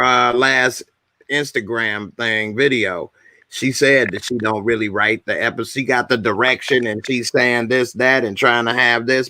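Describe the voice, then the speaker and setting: Gravelly man hosting a casual chat. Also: mid-range voice, no room sound. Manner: relaxed, loose slang. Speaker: show host.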